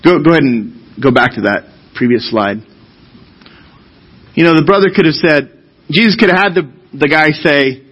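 Husky-voiced man preaching a sermon. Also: fairly high pitch, animated, moderate pace, a bit bright, muffled recording. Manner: reads scripture aloud, then explains it with emphatic repetition. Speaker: pastor. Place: church.

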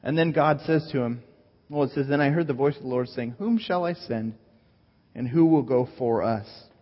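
Man preaching in a reverberant hall. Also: medium pitch. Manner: earnest teaching, reads scripture slowly, repeats words. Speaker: pastor. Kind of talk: sermon. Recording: dull sound with long hall reverb.

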